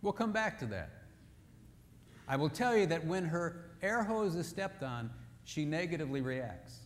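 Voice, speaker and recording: Animated high-voiced male preacher. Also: unhurried, long reverb tail. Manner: animated, humorous storytelling. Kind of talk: sermon.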